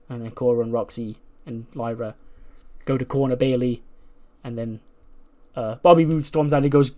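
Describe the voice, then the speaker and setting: A man's voice: mid-range voice, steady tone, moderate pace, pauses often, mellow. A man narrating a wrestling sim playthrough in a casual, chatty way. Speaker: gaming YouTuber.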